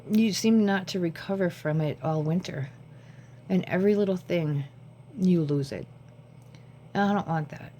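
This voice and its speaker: Low, mellow woman rambling to camera. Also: normal speed, pauses often, a little hiss or hum. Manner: rambling, jumps between thoughts. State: short on sleep. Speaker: vlogger. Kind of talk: casual talk to camera. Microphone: phone camera.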